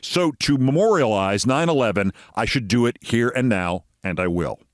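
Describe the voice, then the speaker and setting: A man's voice: medium pitch, lively intonation, moderate pace, dry recording, studio quality. A man from New York, hosting a scripted political commentary show in a sarcastic, theatrical manner. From New York, USA.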